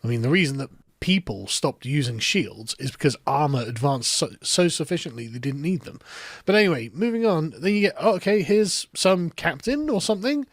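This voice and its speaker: Brief: a man commentating in an online video, a bit high-pitched, dismissive, dry close sound. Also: very animated, brisk, no echo.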